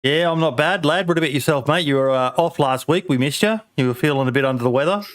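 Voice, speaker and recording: A man's voice: fairly high pitch, fast. Swearing, joking podcast host man. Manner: joking storyteller. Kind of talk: casual banter, swearing freely.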